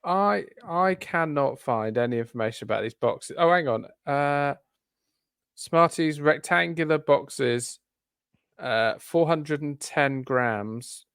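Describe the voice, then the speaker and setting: A man co-hosting a casual podcast chat, talking in halting bursts full of ums and restarts. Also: on the high side, vocal fry, a bit bright, clear, resonant tone, dry recording, studio quality. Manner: hesitant, lots of ums and restarts. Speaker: podcast co-host.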